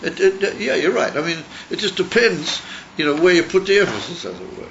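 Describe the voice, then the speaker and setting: A man's voice: high-pitched, big pitch swings, brisk, background noise. A man, a rabbi, teaching a text-study class, explaining and thinking aloud with frequent restarts. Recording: dull lo-fi recording.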